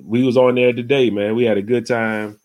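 A male podcast host talking in a loose, rambling, casual way, often tagging on "you know what I'm saying". His voice sits at an ordinary middle pitch and rises when he gets heated in a rant. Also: level tone, normal speed, darkish tone.

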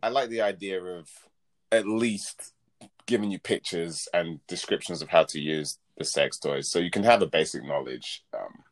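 Man, very low voice, playful co-host in casual podcast banter. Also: normal speed. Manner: chatty, laughs often, playful. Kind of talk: casual chat.

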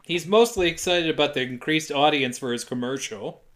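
A man in his thirties casually retelling a film plot for laughs, chuckling often and slipping into quick voices for the characters. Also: a little high, fairly bright tone. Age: 30s. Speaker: podcast co-host. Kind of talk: casual comedic movie recap.

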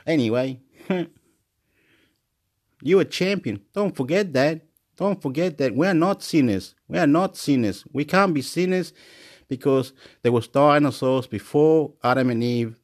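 A man's voice: on the high side, expressive, unhurried. Rambling, repetitive man vlogging. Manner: rambling, repetitive, laughs often. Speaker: YouTuber. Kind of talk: rambling monologue vlog.

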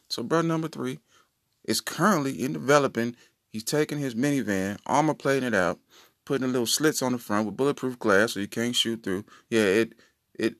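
A man's voice: mid-range voice, fairly bright tone, no room sound, studio quality. A man hosting his own podcast, telling joking stories in a playful, casual way. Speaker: podcast host. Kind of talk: casual comedic monologue.

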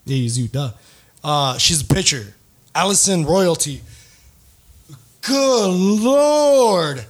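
A podcast host in his thirties tells a rambling dating story in casual style, loaded with swearing, slang and a bit of Spanish. His voice is fairly high and a bit bright, slightly rough, with lively intonation at a normal speed.

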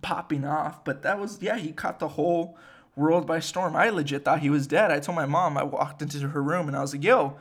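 Young dude podcasting, slangy and swears a ton, voice sits kinda high. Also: male voice, fairly even intonation, brisk. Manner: slangy, profane, rambling. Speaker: podcast host. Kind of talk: casual chat.

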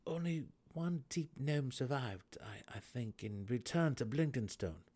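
A man voicing a desperate young male dark elf prisoner in a dramatic audiobook reading, pleading and stammering. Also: medium pitch, lively intonation, a little slow, pitched above the performer's own voice. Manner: pleading, sputtering.

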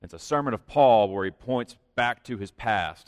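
A pastor preaching in a church, with an earnest, conversational delivery that rises for emphasis. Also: male voice, medium pitch, moderate pace. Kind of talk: sermon. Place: church sanctuary. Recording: long reverb of a large hall.

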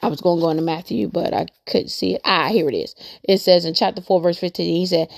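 A woman's voice: fairly low pitch, steady tone, fast talker, creaky, few pauses. A woman hosting a podcast, talking through her faith in an earnest, rambling way and repeating her points for emphasis. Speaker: podcast host. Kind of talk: casual faith monologue.

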